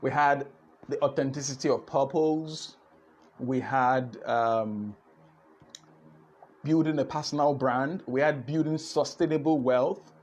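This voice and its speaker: A man with a Nigerian accent hosts a live online business session, talking in an animated way and repeating his words. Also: medium pitch, takes it slowly, long pauses. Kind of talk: lively live-stream talk.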